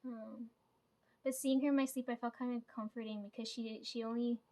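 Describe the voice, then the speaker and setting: Woman vlogger, slightly high voice, rambly casual storytelling peppered with "right?" and the odd swear. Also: flat delivery, moderate pace, warm tone. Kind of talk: casual dream retelling.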